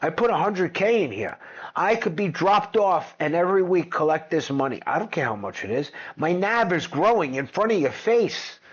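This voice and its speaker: A man hosting a finance video, talking casually and excitably over his screen, brash and profane as he runs through figures. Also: high voice, moderate pace, breathy edge, lo-fi sound. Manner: brash, profane, excitable, jumps between numbers. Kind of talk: casual screen-share commentary.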